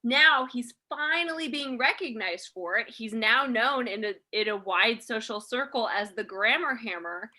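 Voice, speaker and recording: A woman's voice: fairly high pitch, lively intonation, unhurried, few pauses, sharp tone, poor audio. A woman hosting a comedy podcast, reading out a listener's letter and then ranting sarcastically about it. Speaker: podcast host. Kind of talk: casual comedy podcast chat.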